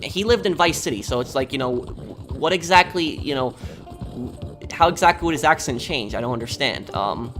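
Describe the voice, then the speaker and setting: A man's voice: medium pitch, animated, a bit bright, faint music behind. Rambling man. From New York. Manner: rambling, halting, repeats words while thinking. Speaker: game streamer. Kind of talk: casual chat while gaming.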